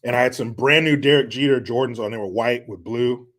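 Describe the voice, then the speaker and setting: A man's voice: mid-range voice, a little fast, a bit bright. A man hosting a casual livestream, rambling and swearing as he answers comments. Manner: profane, rambling, laughs at own jokes. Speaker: livestream host.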